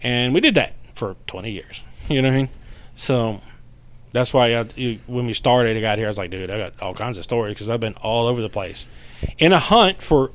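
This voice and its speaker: A middle-aged man telling a story in a casual podcast chat, animated and profane, acting out the voices of the people in it. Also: mid-range voice, normal speed. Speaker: podcast guest, paranormal investigator.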